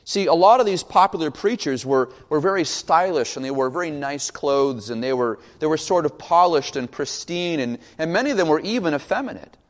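Lively preacher in a reverberant church. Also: male voice, a little high, a little fast, hardly any pauses. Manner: animated, acts out questions in quoted voices. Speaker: pastor. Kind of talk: sermon. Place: church sanctuary.

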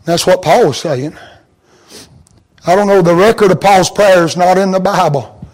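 A pastor preaching a sermon to his congregation, swinging from soft, intimate tones to high, chanted, fervent appeals. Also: a little slow, poor audio.

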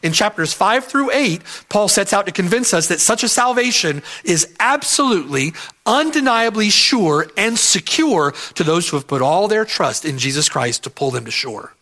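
Male preacher, high and bright voice, emphatic verse-by-verse sermon with lots of repetition. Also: animated, normal speed. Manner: emphatic, repeats key phrases, asks "right?". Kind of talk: expository sermon.

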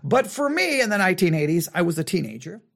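A middle-aged man talks through a podcast monologue in a loose, rambling way, often restarting his sentences. His voice sits high for a man. He keeps a wry, conversational tone. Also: very animated, quick pace, gravelly, a bit bright. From West Texas. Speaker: podcast host.

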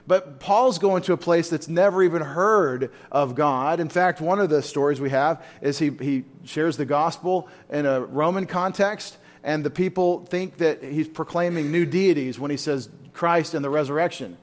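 Male Bible teacher, casual church-study delivery, slightly raised pitch, throws questions to the room. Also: moderate pace, hardly any pauses. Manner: informal, asks the room questions.

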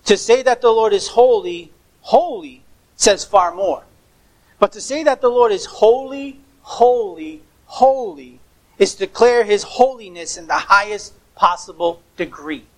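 A man's voice: high-pitched, expressive, a little slow, rough recording. A man preaching a sermon as pastor, emphatic, stressing words by repeating them, with occasional stumbles.

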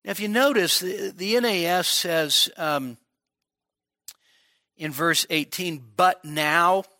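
A man's voice: sits high, slow, sharp tone, no echo, clean studio sound. A middle-aged man preaching an expository sermon at a midweek church service, emphatic, often repeating words as he builds a point. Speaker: pastor.

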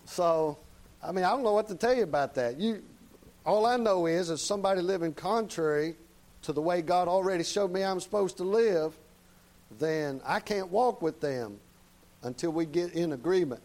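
A man's voice: high voice, normal speed, darkish tone, poor audio. Folksy, plain-spoken male preacher. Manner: folksy, plain-spoken, tag questions to the congregation. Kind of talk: sermon.

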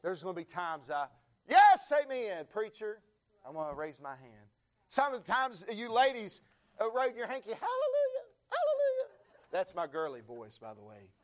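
An American man preaching a sermon in a church, building his repeated phrases up into fervent shouts while the congregation answers with amens. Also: a little high, sing-song, brisk. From United States. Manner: rising to fervent shouts, repetitive rhythmic phrasing.

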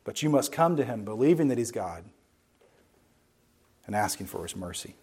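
A man giving a sermon-style Bible lesson, speaking emphatically and slowing down to stress key words, with conversational asides to his listeners. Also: lowish voice, big pitch swings, a little mellow, husky. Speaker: Bible teacher.

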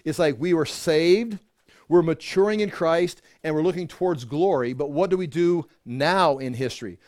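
Man, slightly high voice, casual Bible-study teacher, rambling and chuckling, dry close sound. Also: normal speed, darkish tone, no room sound. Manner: conversational, with frequent restarts and chuckles. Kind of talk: informal Bible teaching to a small group.

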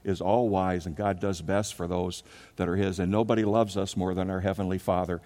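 A man's voice: low voice, little pitch movement, a little fast, dark tone, big-room sound. A man preaching a sermon as pastor, telling a story from his own life and acting out its scenes. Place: church sanctuary.

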